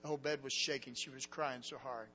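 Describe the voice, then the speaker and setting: A man preaching a sermon, telling a story with dramatic swings from hushed tones to loud cries. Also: mid-range voice, steady tone, fast, in a large hall. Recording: dull lo-fi recording with faint hum.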